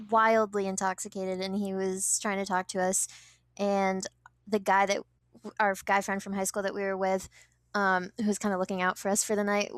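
A woman's voice: medium pitch, no echo, studio quality. Giggly young woman guest on a podcast. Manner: chatty, giggly storytelling. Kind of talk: casual chat.

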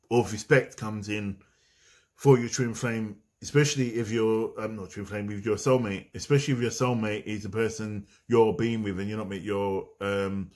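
Rambling man talking spirituality. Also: fairly low pitch. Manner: meandering, conversational, drifting off on tangents. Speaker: spiritual vlogger. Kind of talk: casual spiritual talk to camera.

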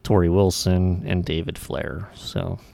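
A man co-hosting a casual wrestling podcast, talking in a relaxed, halting way. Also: sits low, vocal fry, no echo. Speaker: podcast co-host.

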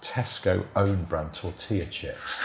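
A man's voice: sits low, steady tone, slow, vocal fry, echoey room, slight background noise. A man, a former TV script editor, telling stories as a podcast guest in a rambling, anecdotal way full of "sort of" and "you know". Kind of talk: casual interview storytelling.

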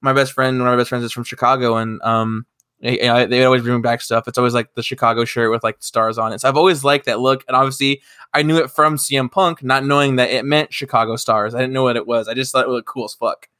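A man's voice: mid-range voice, level tone, fast, pushed and bright, clear, resonant tone. A young man in his twenties hosting a podcast, chatting casually in a rambling way full of fillers and swearing. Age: 20s. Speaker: podcast host.

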